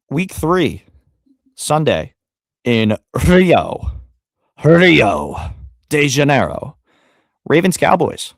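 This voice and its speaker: A man's voice: mid-range voice, vocal fry, no room sound, clean studio sound. A man co-hosting a sports podcast, rambling casually with frequent fillers and the odd curse. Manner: rambling, profane, trails off with fillers. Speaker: podcast co-host.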